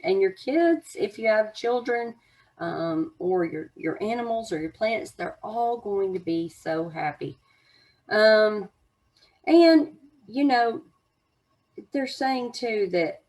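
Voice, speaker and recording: A woman's voice: mid-range voice, a little mellow. A woman giving an unscripted oracle card reading to her viewers, musing in a meandering way with many fillers.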